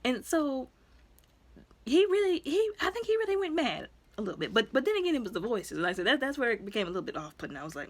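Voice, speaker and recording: A woman casually recapping a movie in a chatty, animated way. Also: high-pitched, fast talker. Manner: chatty, animated, colloquial, acts out quotes. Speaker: movie reviewer.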